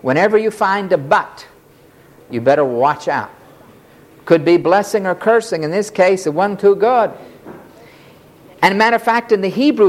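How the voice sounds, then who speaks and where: A preacher giving a sermon, emphatic and dramatic in delivery. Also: medium pitch.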